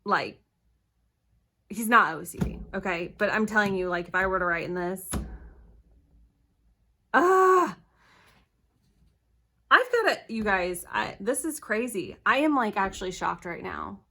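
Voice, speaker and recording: A woman's voice: mid-range voice, big pitch swings, unhurried, long pauses, pushed and bright. A young woman, chatting casually to camera at her table, flustered and rambling, correcting herself as she goes. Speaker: planner vlogger. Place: at home at a table.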